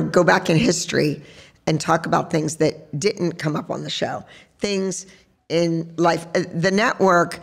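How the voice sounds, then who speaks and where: A woman who hosts a podcast and teaches dance, telling stories in a chatty, animated way at a live show in a sports bar. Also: sits low, gravelly. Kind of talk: storytelling on stage at a live podcast event.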